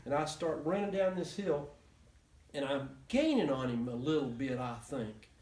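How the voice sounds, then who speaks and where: Man, rambling storyteller, somewhat high voice, echoey room, distant mic. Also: lively intonation, normal speed, darkish tone. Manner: rambling, with many restarts and chuckles. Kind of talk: casual storytelling to a small group.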